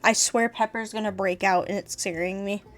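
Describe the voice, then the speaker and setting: A woman's voice: medium pitch, fairly even intonation, normal speed, a bit bright, soft background music. A woman streaming games and chatting candidly, rambling and swearing freely. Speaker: VTuber streamer. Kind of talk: casual livestream chat.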